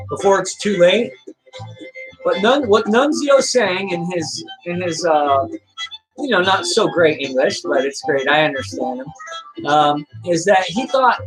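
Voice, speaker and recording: A high-voiced man hosts a livestream, earnestly lecturing as he reads viewer comments and answers each person by name. The audio quality is poor.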